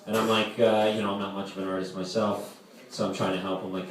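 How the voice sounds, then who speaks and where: A man's voice: low-pitched, level tone, quick pace. Brief: young male stand-up comic, rambling filler-heavy delivery, heard far off in a very echoey hall. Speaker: camp counselor doing stand-up. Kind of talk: live stand-up comedy. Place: camp hall with live audience. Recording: echoey distant room with noise.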